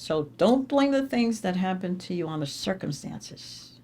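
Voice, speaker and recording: A woman giving an inspirational speech at an awards dinner, telling stories with sudden jumps in pitch and repeating phrases for emphasis. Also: expressive, a little slow, dark tone, a little hiss or hum. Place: dinner event hall.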